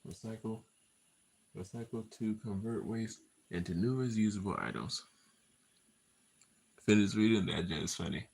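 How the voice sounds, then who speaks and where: A man's voice: lowish voice, lively intonation, a little slow, gravelly, long pauses, a little mellow, slightly rough, poor audio. A man rambling casually as he half reads a script, easily distracted, repeating himself and breaking into laughter and playful asides.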